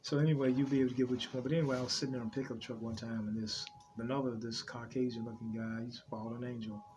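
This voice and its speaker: A man's voice: medium pitch, flat delivery, rapid-fire, slight background noise. A man, talking loosely about his dream visions, repeating himself often and restarting his sentences. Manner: rambling, repeats himself, many restarts and fillers. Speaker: preacher sharing dream visions. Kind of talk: unscripted religious talk. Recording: dull lo-fi audio with loud music underneath.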